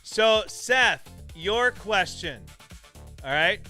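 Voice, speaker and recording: Bright upbeat male trivia host. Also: sits high, expressive, faint music behind. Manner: upbeat, laughing, drawn-out question reading. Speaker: show host. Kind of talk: casual live-stream trivia hosting.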